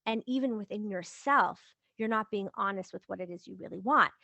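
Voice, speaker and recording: A woman's voice: medium pitch, a little fast, vocal fry, no echo. A woman hosting a podcast as a relationship coach, talking casually and acting out everyday examples in little voices. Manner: lively, acts out quoted examples in little voices. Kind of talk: casual advice talk.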